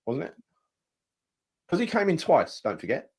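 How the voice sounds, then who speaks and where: A man's voice: on the high side, wildly swooping pitch, moderate pace, breathy edge. A man co-hosting a football fan podcast, rambling and swearing as he chats. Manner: rambling, swears often, mock-dramatic. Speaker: podcast co-host. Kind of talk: casual fan chat.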